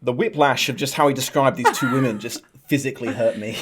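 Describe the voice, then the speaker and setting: A man's voice: medium pitch, a little fast, a crowd in the background. A man co-hosting a comedy reading, chiming in with dry, wry remarks. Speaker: co-host. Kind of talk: casual comedic chat.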